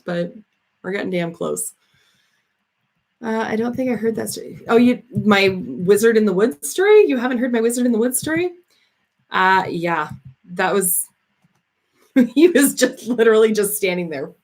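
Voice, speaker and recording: A woman hosting a casual live chat, answering viewer comments in a rambling, chatty way with frequent laughs and fillers. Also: mid-range voice. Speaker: host of a live chat stream.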